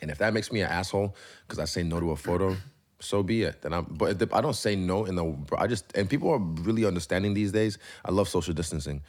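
Low-voiced and fast, a man who fights professionally chats candidly as an interview guest. The conversation is casual and wandering, with plenty of free swearing.

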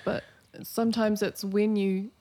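A woman interviewing a guest, asking gentle, reflective questions in a conversational way. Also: mid-range voice, level tone, measured pace.

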